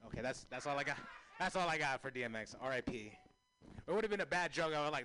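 Male stand-up comic, crude and self-mocking, bright and forceful, mid pitch. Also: expressive, quick pace. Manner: crude, self-mocking, swings to loud shouting. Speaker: stand-up comedian. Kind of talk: stand-up comedy set.

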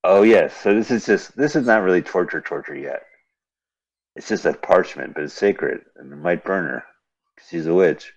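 A man's voice: sits low, lively intonation, normal speed, creaky, husky, dull audio. A man co-hosting a casual comedy show, joking and slipping into silly voices. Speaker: podcast co-host. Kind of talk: casual comedic chat over a video.

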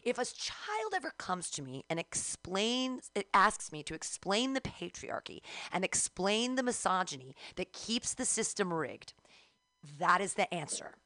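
A woman's voice: mid-range voice, sing-song, measured pace, bright, forceful tone, no echo. A woman around fifty co-hosting a talk show, ranting frankly and profanely in casual chat. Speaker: podcast co-host.

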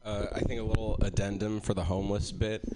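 A man with a low voice gives earnest notes on a joke, sounding distant. Loud noise sits behind him. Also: flat delivery, fast talker. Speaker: workshop critic. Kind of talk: casual feedback. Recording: loud background noise, voice heard from afar.

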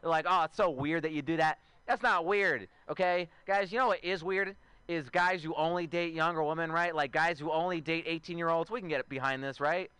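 A man in his twenties working through a stand-up set, chatty and self-mocking, with quick asides to the crowd. His voice sits a little high and sounds crisp and forceful. The sound is dry and close. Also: steady tone, no echo. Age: 20s. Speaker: stand-up comedian. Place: outdoor show.

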